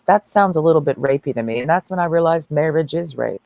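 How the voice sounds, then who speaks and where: A woman's voice: low voice, fast talker, gravelly, no echo, dull audio. A woman ranting on a livestream in a brash, mocking, preachy way.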